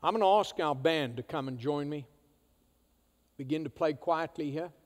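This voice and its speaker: A male pastor preaching a sermon, swinging from loud emphatic declarations to hushed, quiet asides. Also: fairly high pitch, moderate pace. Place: church sanctuary. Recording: church hall reverb.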